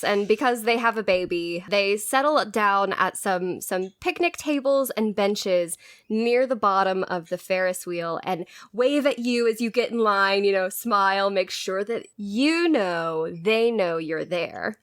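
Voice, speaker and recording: A woman narrating a tabletop game as game master, chatty and quick to laugh. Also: mid-range voice, expressive, fairly bright tone, no echo.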